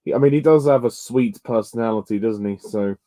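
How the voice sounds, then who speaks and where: A man's voice: mid-range voice, brisk, mellow, no echo. Joking man with a dry, close voice. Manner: joking, swearing, laughing at his own jokes. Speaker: podcast host. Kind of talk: casual chat.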